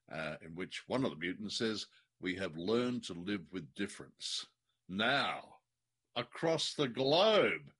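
A man co-hosting a podcast, thoughtful and wry, sometimes slowing down to make a point. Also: lowish voice, a bit bright, breathy edge. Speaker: podcast co-host. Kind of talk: casual chat reviewing an old radio drama.

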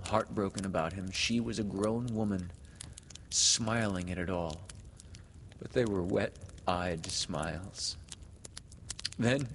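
A man narrating a storybook in an unhurried, expressive manner. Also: on the low side. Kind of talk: audiobook narration. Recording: reverberant room, faint hiss.

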